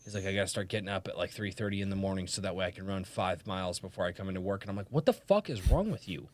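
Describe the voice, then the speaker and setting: A man hosting a casual podcast, telling stories in an animated, profane way and acting out quotes. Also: low voice, very fast. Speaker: podcast host.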